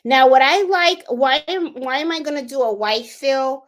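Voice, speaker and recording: A woman hosting a live embroidery tutorial, chatting casually and thinking aloud as she clicks through design software. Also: high-pitched, moderate pace. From Puerto Rico. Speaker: sewing and embroidery channel host.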